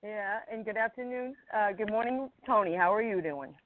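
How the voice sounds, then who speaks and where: Woman, phone caller, emotional, halting, tinny phone sound. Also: mid-range voice, slight background noise. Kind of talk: call-in phone chat. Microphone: telephone.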